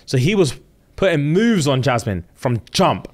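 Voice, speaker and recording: A man's voice: on the high side, unhurried. A man in casual chat, retelling a reality show and acting out everyone's lines. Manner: animated storyteller acting out quotes.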